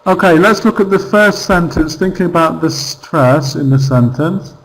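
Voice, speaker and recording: A man's voice: on the high side, moderate pace, rough recording. A man teaching an online English grammar class, patiently repeating example phrases and checking in with questions.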